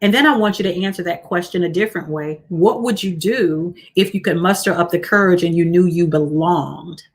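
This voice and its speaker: A woman with a slightly low voice leads a motivational livestream as a coach. She speaks encouragingly and slows down to repeat her key lines. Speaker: host and coach.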